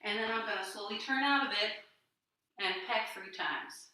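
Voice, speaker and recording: A woman's voice: mid-range voice, normal speed, pushed and bright, far from the mic. A woman teaching a livestreamed dance class, counting and scatting rhythms as she dances and talking between sets with encouragement, a little out of breath. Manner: counts and scats rhythms aloud while dancing. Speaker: dance instructor. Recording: echoey room, voice from off-mic.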